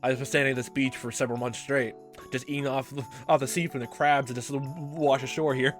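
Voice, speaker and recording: A gamer voicing a blunt, rude young village boy while reading a visual novel aloud, with gruff, curt, mocking lines and faint game music behind. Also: mid-range voice, fairly even intonation, brisk, lightly acted.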